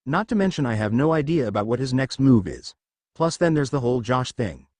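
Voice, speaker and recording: A man's voice: mid-range voice, very animated, a little fast, darkish tone, no echo. A man voicing a confident, breezy teenage girl hero in a read-aloud story, in close to his own voice.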